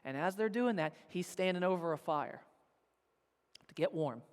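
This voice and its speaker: A man's voice: high-pitched, lively intonation, moderate pace, clean tone. A male pastor telling a sermon story in a casual, conversational way, often checking in with "right?". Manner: conversational, tags lines with "right?". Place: church auditorium. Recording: long church-hall reverb.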